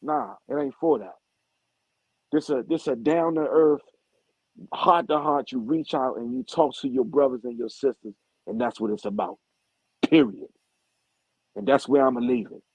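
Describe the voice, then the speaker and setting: A man's voice: medium pitch, normal speed, pauses often, breathy edge, no echo. A man hosting a live video-call group talk, speaking bluntly and emphatically with a lot of cursing. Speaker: group admin and host. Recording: dull lo-fi stream audio.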